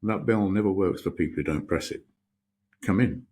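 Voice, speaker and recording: A man voicing a calm, soft-spoken Buddhist monk with a gentle voice and teasing, unbothered questions. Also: deep voice, normal speed, slight background noise, close to an everyday voice.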